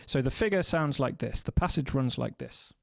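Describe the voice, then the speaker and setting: A man gives a percussion lesson in a measured, methodical voice. He breaks each rhythm down step by step and counts the beats aloud as he goes. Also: medium pitch, expressive, vocal fry, no echo. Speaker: percussion teacher. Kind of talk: instructional explanation.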